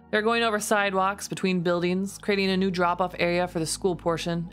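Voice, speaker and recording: Streamer woman reading in a lowered voice. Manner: reads in a lower, steadier voice, laughs often. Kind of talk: reading posts aloud on a stream.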